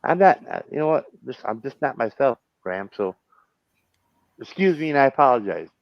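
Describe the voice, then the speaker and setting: Blunt, profane American streamer, a few drinks in, arguing loudly; dull, dry lo-fi recording. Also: male voice, medium pitch, sing-song, a little fast, creaky, no room sound. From United States. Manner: blunt, profane, talks over others. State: been drinking. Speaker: stream host. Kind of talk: heated casual argument.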